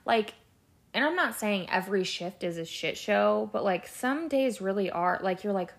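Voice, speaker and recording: A woman's voice: mid-range voice, lively intonation, normal speed, creaky. A young adult woman, a nurse and podcast host, chatting casually on her own show in a rambling, candid way, full of fillers and the odd swear word. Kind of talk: casual solo podcast chat.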